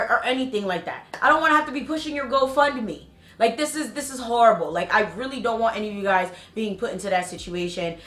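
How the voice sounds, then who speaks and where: Bright-voiced blunt woman in her twenties. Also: mid-range voice. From Haitian American, United States. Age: 20s. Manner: blunt, profane, animated storytelling. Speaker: vlogger. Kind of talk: storytime vlog. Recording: roomy echo.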